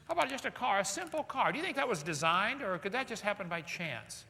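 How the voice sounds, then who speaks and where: Bright, lively man lecturing in an echoey hall. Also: sits high, fast talker, creaky, a little hiss or hum. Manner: rhetorical questions with joking asides. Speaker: seminar speaker. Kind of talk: live lecture to an audience. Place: lecture hall with live audience. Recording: echoey hall with long reverb.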